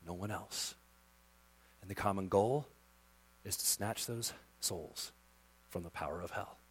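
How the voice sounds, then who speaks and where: A male pastor preaching a sermon with passion, dropping to a hush and then rising to loud emphasis. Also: sits low, unhurried, husky. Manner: impassioned, swings from hushed to loud emphasis.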